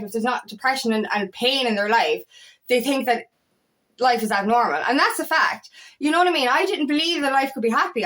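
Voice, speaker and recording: A woman with a high, slightly bright voice works as an empowerment coach, giving a casual motivational talk to camera. She's blunt and heated, swearing often and leaning on fillers like "you know what I mean."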